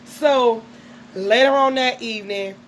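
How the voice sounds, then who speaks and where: A woman with a fairly high voice runs through a TV episode in casual, gossipy chat. She is full of fillers and asides. A faint background hum sits under her voice. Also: unhurried, poor audio. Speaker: reality TV recapper.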